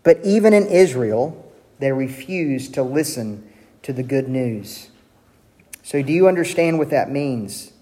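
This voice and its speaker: Male preacher, lively delivery, mellow timbre, large reverberant sanctuary. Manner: animated preaching, voicing God's lines with a raised pitch. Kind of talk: sermon.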